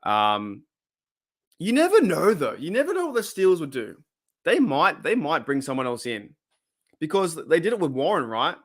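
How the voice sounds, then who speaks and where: His pitch sits a little high and swoops wildly, though his speed is normal. He's an Australian in his thirties hosting a fan livestream, casually chatting, meandering and repeating himself often.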